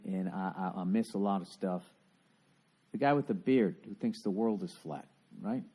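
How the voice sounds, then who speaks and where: A man's voice: deep voice, normal speed, dark tone. A man from Boston hosting a solo podcast, ranting in a profane, sarcastic, rambling way. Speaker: podcast host. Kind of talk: casual solo podcast rant.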